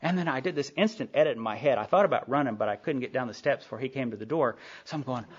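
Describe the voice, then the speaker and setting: A man's voice: medium pitch, quick pace, slightly rough. A middle-aged man telling his recovery story to a meeting, candid and conversational, with many asides and acted-out dialogue. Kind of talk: personal recovery story told to a group. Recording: dull lo-fi tape of a live meeting talk.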